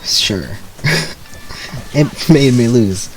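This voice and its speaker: A man's voice: mid-range voice, animated, extremely slow, a little hiss or hum, low-quality recording. A young man streaming a video game, chatting casually and rambling through sheepish stories with nervous laughs. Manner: rambling, self-deprecating storytelling with nervous laughs. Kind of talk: casual gameplay commentary.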